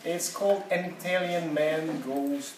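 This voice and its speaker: A man's voice: fairly high pitch, a little slow. Teacher guy talking to his class, heard from far off in an echoey noisy room. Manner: conversational, asks the class, laughs often. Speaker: English teacher. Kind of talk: classroom seminar.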